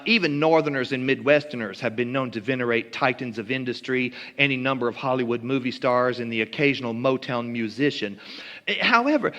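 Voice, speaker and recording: A man from Kentucky tells a humorous story with dry, mock-genteel wit and elaborate phrasing. His voice sits a little high and rings bright and forceful. It carries a long reverb, as in a church hall.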